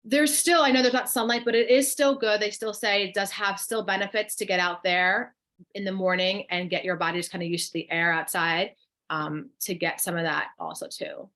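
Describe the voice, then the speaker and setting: A woman's voice: medium pitch, steady tone, normal speed, a bit bright. A woman with a New Jersey accent co-hosting a live online wellness workshop, chatting through viewer comments and guiding breathing exercises over a computer mic. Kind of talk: live webinar, reading chat replies.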